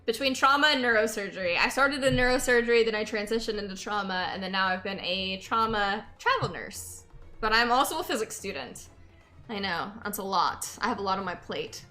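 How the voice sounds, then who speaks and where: A woman's voice: medium pitch, fairly quick, bright, forceful tone, soft background music. A young woman streaming and chatting casually, laughing often and reading chat aloud, tired from lack of sleep. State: sleep-deprived.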